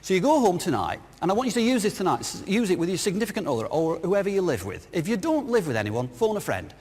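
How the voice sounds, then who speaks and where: A man's voice: high-pitched, sing-song, fast talker, a little mellow, a little hiss or hum. A man, a business speaker giving a jokey, anecdotal conference talk and asking his audience questions. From northern England. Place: large hall with audience. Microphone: clip-on lapel mic. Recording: reverberant hall.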